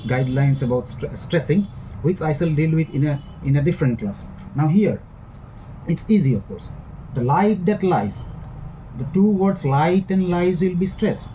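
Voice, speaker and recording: A man's voice: on the high side, normal speed, dark tone, slight background noise, poor audio. A man teaching a recorded lecture, explaining step by step with frequent fillers and restarts.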